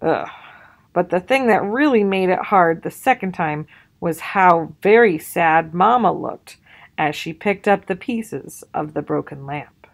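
Slow, gravelly-voiced woman reading aloud. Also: fairly low pitch. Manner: expressive, storytelling. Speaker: storybook reader. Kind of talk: children's read-aloud narration.

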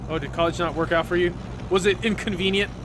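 A man reading the lines of a bitter, sharp-tongued young female crocodile. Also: sits high, fairly even intonation, fast talker, background noise, natural voice. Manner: cutting, resentful.

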